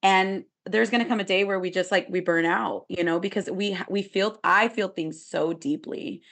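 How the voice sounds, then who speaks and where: A woman's voice: mid-range voice, fairly even intonation, normal speed, a bit bright. Female podcast guest, earnest, reflective, casual, many "like" fillers.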